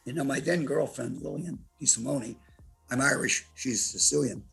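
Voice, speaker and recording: A martial artist in his eighties, appearing as a podcast interview guest, tells stories in a heavily gravelly, husky voice at medium pitch and normal speed. He is brash, profane and animated, and faint music plays underneath.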